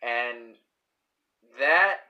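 A man co-hosting a podcast, chatting casually over beers, rambling and halting, often laughing. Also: medium pitch, animated, lo-fi sound. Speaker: podcast co-host.

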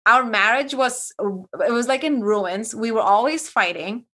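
Young adult woman from Kuwait, interview guest; high and bright, animated storyteller. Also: a little slow. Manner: animated, acts out quoted dialogue. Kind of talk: candid personal storytelling.

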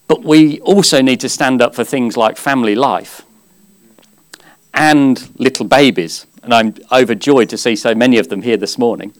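Man, preacher at a church service, mid pitch, earnest and chatty sermon with light humor. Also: animated, moderate pace. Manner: earnest, conversational, with gentle humor.

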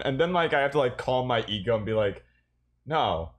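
A man chatting casually about competitive gaming. He rambles through his stories with plenty of swearing and a self-mocking streak. His voice sits at an ordinary middle pitch. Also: animated, fairly quick.

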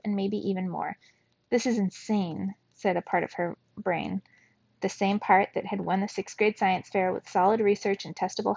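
A woman reading a children's novel aloud for a book club, telling the story in a steady, expressive way. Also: mid-range voice, gravelly, no echo, lo-fi sound.

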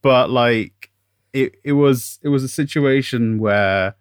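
A man co-hosting a podcast in casual chat, speaking haltingly with many pauses. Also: medium pitch, clear, resonant tone, dry recording, clean studio sound. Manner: halting, full of fillers and restarts. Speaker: podcast co-host.

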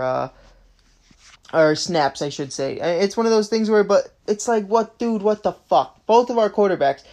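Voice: mid-range voice, a little mellow. A young adult in their twenties hosting a sports podcast, ranting in frustration and swearing constantly as a fan. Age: 20s. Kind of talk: casual sports podcast rant.

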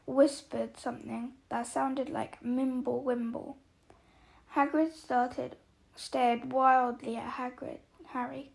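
A woman narrating a story aloud in a measured, expressive way. Her voice sits high and carries a noticeable vocal fry, and she takes her time over each phrase. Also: low-quality recording.

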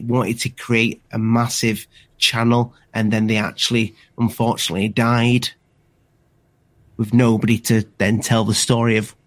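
A man's voice: lowish voice, no room sound. A man co-hosting a casual livestream chat, rambling and restarting his sentences often. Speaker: livestream co-host.

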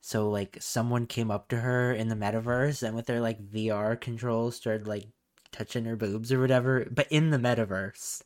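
A man's voice: mid-range voice, steady tone, normal speed. Young man, podcast co-host, casual profane chat, laughs a lot, mid-range voice, jokey impressions. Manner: profane, laughs often, mimics people in silly voices.

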